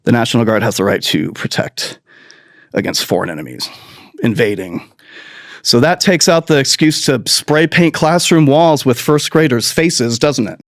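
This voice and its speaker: A man's voice: medium pitch, animated, moderate pace, no room sound, clean studio sound. A man hosting a podcast, delivering a profane, sarcastic political rant full of mocking mimicry. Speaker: podcast host.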